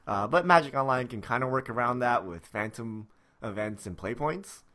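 A man hosting a casual podcast, reading out listener questions in a relaxed way and stumbling over names. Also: medium pitch, moderate pace.

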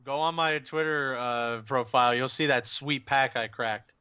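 A man's voice: mid-range voice, fairly even intonation, moderate pace, bright, forceful tone, smooth, no room sound. A man co-hosting a casual podcast, chatty and agreeable, laughing easily. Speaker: podcast co-host. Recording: dull, dry lo-fi podcast audio.

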